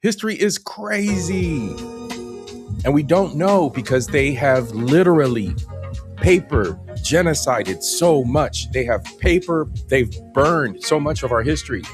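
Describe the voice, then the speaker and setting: A man's voice: mid-range voice, animated, measured pace. A man hosting a casual late-night livestream, greeting viewers by name and chatting in a laid-back way. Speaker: host. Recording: music playing behind.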